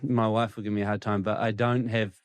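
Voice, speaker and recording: A middle-aged man with a New Zealand accent, a cricket coach answering interview questions in a relaxed, reflective and candid way. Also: on the low side, a little fast, clear, resonant tone, dry recording.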